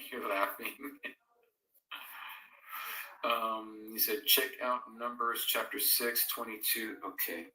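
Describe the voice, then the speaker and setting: Low-voiced guy hosting a bible live stream, reads out chat comments, echoey room, sits back from the mic. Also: little pitch movement, slow pace, pauses often, pushed and bright, distant mic. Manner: reads out viewers' comments and answers them conversationally. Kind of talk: casual live-stream chat and scripture reading.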